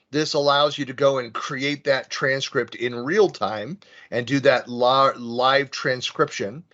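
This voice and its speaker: A man's voice: mid-range voice, fairly bright tone. Bay area guy giving an online talk, rambly with lots of ums, kinda muffled call audio. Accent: Western US, Bay Area. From San Francisco Bay Area. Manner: rambling, self-deprecating, frequent fillers and restarts. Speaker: conference speaker. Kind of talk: online presentation. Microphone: video call.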